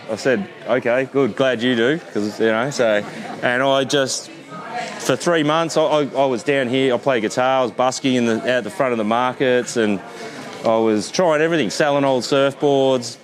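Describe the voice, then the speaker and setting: A middle-aged man with an Australian accent, the founder of a tour company, telling a story in a relaxed, casual way, with loose swearing and lots of fillers. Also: medium pitch, moderate pace. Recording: busy crowd noise behind.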